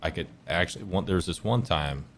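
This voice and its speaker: Male streamer, deep voice, laid-back rambling gameplay commentary with a few swears. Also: animated, fairly quick, slight background noise. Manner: rambling, self-correcting storyteller. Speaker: gaming streamer.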